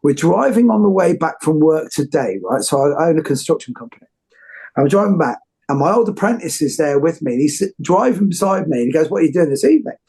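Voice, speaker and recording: A man's voice: on the high side, animated, fairly quick, darkish tone, slightly rough. A man hosting an interview, talking effusively and rambling with many restarts. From United Kingdom. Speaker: host. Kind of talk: casual interview chat.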